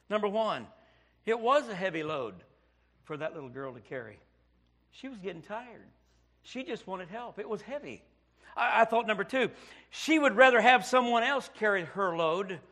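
High-pitched preacher man, goes quiet telling stories then gets loud and pleading. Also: big pitch swings, moderate pace. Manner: swings from hushed storytelling to loud, pleading cries. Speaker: pastor. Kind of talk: sermon.

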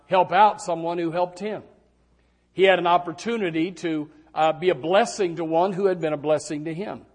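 High-voiced animated male preacher. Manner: animated, pitch rising and falling with emphasis; conversational with frequent fillers and restarts. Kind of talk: sermon.

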